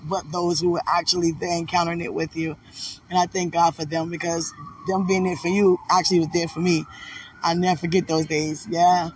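A woman talks with a gravelly, creaky edge, gushing thanks in a devout, rambling way full of "you know"s. She sits a little back from the mic, and a faint hiss hangs behind her voice. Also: fairly low pitch, far from the mic. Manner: emotional, devout, rambling with many fillers. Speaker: fiancée giving thanks. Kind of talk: casual heartfelt video message.

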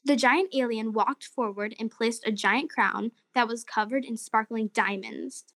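A woman's voice: on the high side, a little slow, dry recording. Woman narrating a children's story. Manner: expressive, friendly storytelling. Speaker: narrator and segment host.

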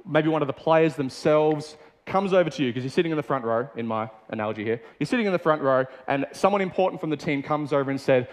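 A man's voice: fairly high pitch, expressive, fast talker. A young Australian man preaching a sermon in a casual, chatty way with many fillers and restarts. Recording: long hall reverb.

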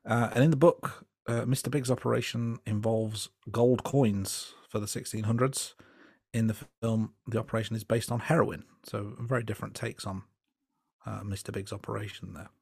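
A man co-hosting a casual film review podcast, relaxed and hesitant, with plenty of fillers and restarts. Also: fairly low pitch, normal speed, vocal fry, breathy edge, no room sound, clean studio sound. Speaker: podcast co-host.

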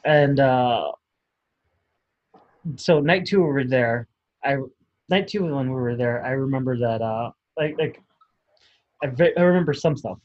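A man's voice: medium pitch, a little slow, pauses often, muffled recording. A man co-hosting a podcast, telling a story in a rambling, hesitant way with laughs. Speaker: podcast co-host. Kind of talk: casual storytelling chat.

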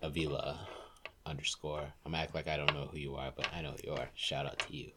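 A man's voice: rumbling low, level tone, fairly quick, noisy background. A young man hosting a podcast in casual chat, joking and teasing his friends. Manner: joking, teasing, laughs often. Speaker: podcast host.

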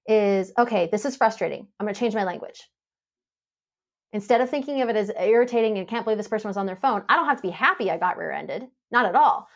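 A woman talks as a podcast guest, easy and conversational. She tells stories with lively swings, briefly voicing herself and others. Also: medium pitch. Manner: animated storytelling, acts out her own past lines. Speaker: podcast guest, happiness mentor. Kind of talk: casual podcast interview.

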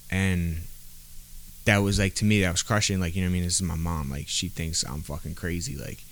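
A man's voice: low-pitched, steady tone, a little fast, slight background noise. A man on a podcast, telling a personal story in casual street slang, with lots of "bro" and "like" fillers. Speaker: podcast guest.

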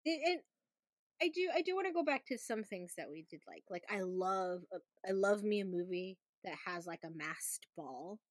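A woman's voice: mid-range voice, expressive, moderate pace, no room sound, clean studio sound. Chatty woman reviewing a movie. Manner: chatty, lots of "like", laughs often. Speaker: podcast co-host. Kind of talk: casual movie review chat.

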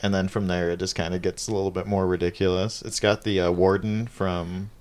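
A man's voice: low-pitched, flat delivery, a little fast, darkish tone. A man co-hosting a podcast, telling rambling stories in casual chat, full of filler words. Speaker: podcast co-host.

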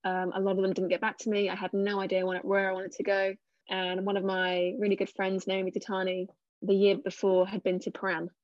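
A woman's voice: medium pitch, completely flat delivery, fairly quick, a little mellow, no echo. Young English woman, interview guest, chatty and modest, dull dry sound. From England. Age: 20s. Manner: chatty, self-deprecating, many fillers. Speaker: cricketer guest. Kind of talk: casual interview answers.

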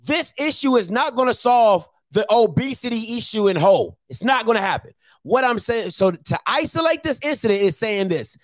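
A man with a very high voice hosts a heated call-in show. He is blunt and confrontational and hammers his points home by repeating them. The sound is dry and close. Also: animated, moderate pace, no room sound.

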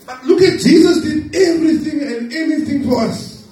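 A man preaching a sermon to his congregation, lively and joking with them. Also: very high voice, moderate pace. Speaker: pastor. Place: church hall. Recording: echoey hall, distant mic.

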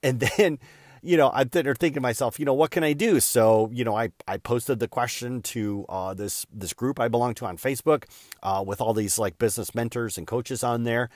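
A man hosts a show and tells a casual story, rambling and poking fun at himself, packed with fillers and "da, da, da" asides. His mid-range voice has a darkish tone and moves a little fast. The studio-quality recording has no room sound.

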